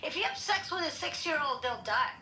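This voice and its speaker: A woman's voice: high voice, a little fast. A woman in casual chat, telling a story and acting out the quotes. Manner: animated storyteller, acts out quotes. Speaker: participant in a social audio chat room. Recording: echoey room with faint noise.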